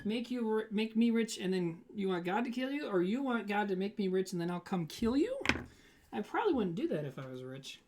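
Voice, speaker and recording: A man with a high-sitting voice hosts a livestream from his home kitchen, baking cookies and chatting with viewers. He rambles and jokes, reads chat aloud and laughs, with slight background noise present.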